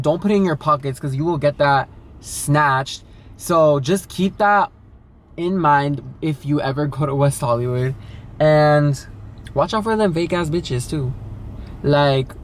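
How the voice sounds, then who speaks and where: A man's voice: on the high side, slight background noise. A young man telling a candid personal story in a casual vlog, talking loosely with lots of fillers and swearing. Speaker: vlogger.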